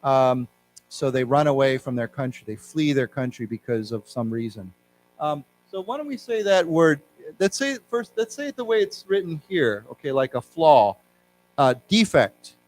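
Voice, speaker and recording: A man's voice: mid-range voice, very animated, moderate pace, darkish tone, soft background music. A man teaching an English class in a library, explaining word meanings and leading learners in repeating words aloud. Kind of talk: live English lesson for learners. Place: library lecture room.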